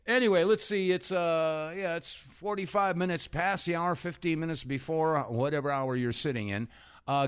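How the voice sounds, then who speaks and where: A man's voice: on the high side, a bit bright. Rambling talk radio host, a man. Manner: rambling, chuckling, filler-heavy.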